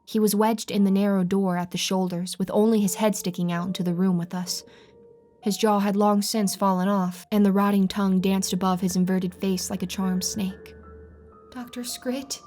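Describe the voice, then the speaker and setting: A woman's voice: mid-range voice, flat delivery, a little fast, mellow. Woman narrating a horror story. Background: faint music.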